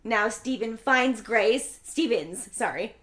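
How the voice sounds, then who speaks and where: A woman's voice: a little high, lively intonation, slow pace. A woman in a casual chat, retelling a film plot and acting out the characters' lines. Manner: acts out the characters' lines while narrating. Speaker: podcast co-host.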